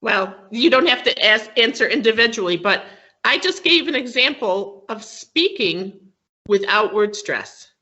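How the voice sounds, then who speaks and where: Her voice a little high, animated, bright and forceful, a woman guest-teaches word stress over a video call with dull, lo-fi sound. She's unhurried and patient, explaining the pronunciation points step by step and regularly checking with students by asking "okay?"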